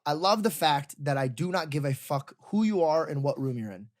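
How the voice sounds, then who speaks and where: A man, a comedian guest on a podcast, telling stories in an animated way and putting on voices for the people in them. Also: on the high side, fairly quick. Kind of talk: storytelling podcast chat.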